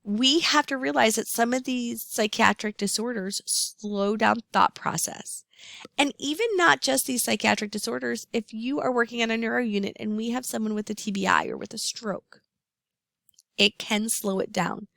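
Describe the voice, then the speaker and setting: A woman lecturing nursing students, explaining terms and often pausing on "um". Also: a little high, vocal fry, a bit bright, no echo, studio quality. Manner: explanatory, repeats key terms, frequent "um". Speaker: nursing instructor. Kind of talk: recorded lecture.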